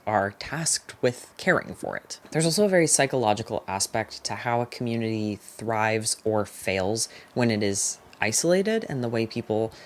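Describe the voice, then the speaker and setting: Expressive and mid-range in voice, a young adult chats about books in a casual vlog. Opinions come fast and emphatic, with plenty of "like" thrown in.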